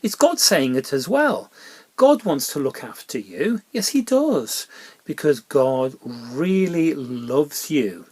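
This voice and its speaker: A man giving a gentle children's Bible talk with a puppet, soft and coaxing like a parent, often dropping into whispered asides. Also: on the high side, big pitch swings, slow, slightly rough.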